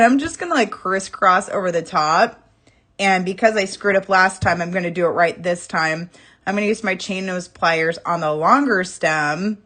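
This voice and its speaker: A woman's voice: lowish voice, a bit bright. A woman teaching a live wire-wrapping jewelry class, chatty and self-laughing, greeting viewers as she works. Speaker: jewelry-making instructor. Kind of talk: live craft demonstration.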